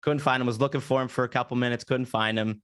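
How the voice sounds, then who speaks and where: Young man telling an animated story. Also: mid-range voice, quick pace, clear, resonant tone. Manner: animated storyteller, acts out his own panicked reactions. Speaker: podcast host. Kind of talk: casual chat.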